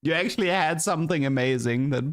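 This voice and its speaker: Exasperated male streamer, fairly high voice. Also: fast talker. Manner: animated, exasperated ranting with frequent "like" and restarts. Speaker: game streamer. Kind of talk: casual livestream commentary.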